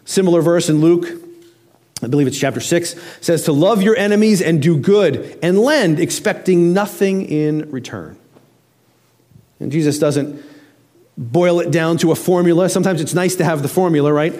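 A man's voice: a little high, normal speed, mellow. A middle-aged man preaching a sermon as a pastor, in a conversational way that slips into acted-out family voices.

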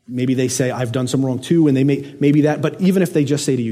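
A man's voice: lively intonation, fast talker, hardly any pauses. Earnest man preaching in a reverberant hall. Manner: earnest, swings between raised emphasis and hushed low lines. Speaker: pastor. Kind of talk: sermon.

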